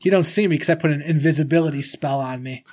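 A man's voice: a little high, fast talker, slightly rough. A man making playful jokes in a casual chat. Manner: joking, playful interruptions.

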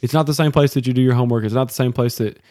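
A man co-hosts a home-recorded devotional podcast, preaching earnestly with a mellow, dark tone. He sits close to the mic in a dry home office. Between exhortations he teases his co-host lightly. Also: mid-range voice, rapid-fire, no room sound. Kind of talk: casual devotional podcast talk.

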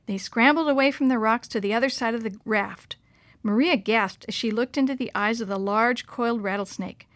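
A woman narrating a children's story aloud in a clear, expressive storytelling manner. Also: fairly high pitch, moderate pace, no echo, clean studio sound.

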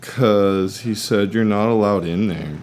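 A man's voice: lowish voice, unhurried, a little mellow. A man acting in a comedy sketch, talking in an earnest, naive, matter-of-fact way. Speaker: comedy podcast co-host.

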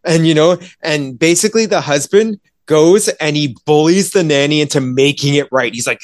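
A man's voice: fairly high pitch, moderate pace, few pauses, dry recording, clean studio sound. A man in a casual podcast chat, ranting with exasperation about a movie, swearing often and acting out characters' lines. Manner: exasperated, profane, acts out characters in quoted voices. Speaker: movie reviewer.

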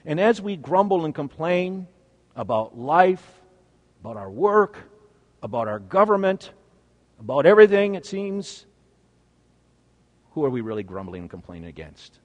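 A man preaching a sermon as pastor, swinging between loud, emphatic phrases and hushed, low ones. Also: sing-song, moderate pace, dull audio. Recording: long reverb of a large hall.

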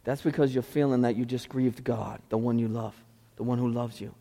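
A pastor preaching a sermon with passion, moving between pleading cries and hushed intensity. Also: male voice, mid-range voice, steady tone, fairly quick, vocal fry. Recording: long hall reverb.

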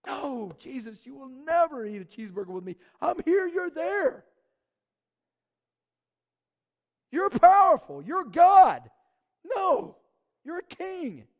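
A man voicing a stubborn, awed disciple who protests in a high, loud voice. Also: very animated, measured pace, exaggerated voice. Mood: protesting. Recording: long hall reverb.

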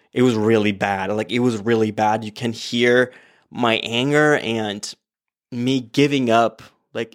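Rambling, candid man podcasting solo. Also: medium pitch. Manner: candid, rambling, swears freely, many fillers. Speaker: podcast host. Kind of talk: casual solo podcast monologue. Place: home, apartment. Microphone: podcast microphone on an iPad.

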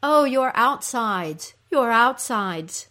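A woman voicing tiny, sympathetic fairy-like creatures that echo a queen's cries in a slow lament. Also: medium pitch, lively intonation, fairly bright tone.

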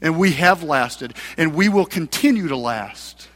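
A male pastor preaching a sermon in a church, emphatic and building to loud passages. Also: on the high side, animated, measured pace. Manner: preaching with rising, emphatic mocking voices for scripture. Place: church sanctuary. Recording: long hall reverb.

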